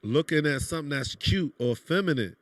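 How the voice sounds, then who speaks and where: A man's voice: a little high, expressive, fairly quick, dry recording. A man from New York with a New York accent, speaking bluntly in casual podcast chat. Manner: blunt, streetwise, repeats "you know what I'm saying". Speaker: podcast guest.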